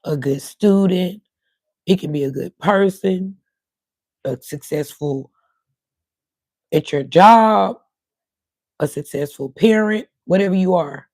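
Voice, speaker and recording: Mellow-voiced woman streaming. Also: lowish voice, takes it slowly, long pauses, no echo. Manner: rambling, talks to viewers in chat. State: voice cutting in and out. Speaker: livestream host. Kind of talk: casual livestream chat.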